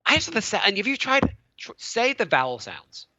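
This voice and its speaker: Rambling bright-voiced podcast guy. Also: high-pitched, moderate pace, no echo. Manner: rambling, animated, many restarts and stammers. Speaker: podcast co-host. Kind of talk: casual chat. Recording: dull lo-fi dry sound.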